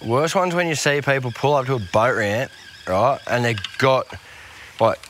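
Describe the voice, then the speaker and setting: A man's voice: medium pitch, expressive, normal speed, fairly bright tone, a little hiss or hum. A man hosting a casual podcast chat, laid-back and chiming in. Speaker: podcast host.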